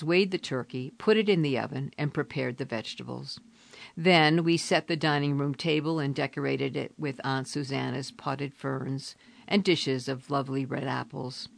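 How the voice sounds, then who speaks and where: Low, gravelly-voiced woman narrator. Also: dry recording. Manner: expressive storytelling reading. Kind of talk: audiobook reading of a story.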